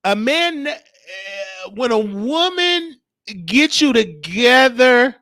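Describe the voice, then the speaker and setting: High bright-voiced guy, telling wild family stories, dry close mic. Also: slow, dry recording. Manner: animated, acts out quotes, frequent laughter. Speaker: host. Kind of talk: storytelling monologue.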